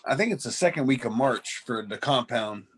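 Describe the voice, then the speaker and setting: A man's voice: mid-range voice, animated, moderate pace, slightly rough. A man co-hosting a podcast, joking and teasing in casual group chat. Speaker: podcast co-host.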